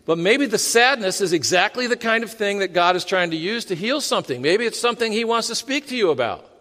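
Male pastor, sermon delivery; higher register, conversational, self-deprecating humor; reverberant sanctuary. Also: lively intonation, fairly quick, bright, forceful tone. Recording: long hall reverb.

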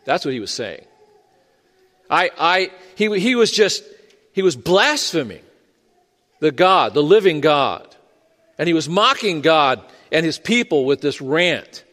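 Lively, high-voiced preacher in a reverberant hall. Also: male voice, a little slow, pauses often. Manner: conversational and storytelling, with frequent fillers and restarts. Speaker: pastor. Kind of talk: sermon. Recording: long reverb of a large hall.

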